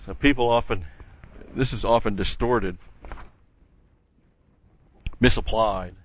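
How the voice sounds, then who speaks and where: A man's voice: on the low side, takes it slowly, highs cut off. An older man teaching a Bible passage verse by verse in a conversational way, stopping to correct himself and leaning hard on key words.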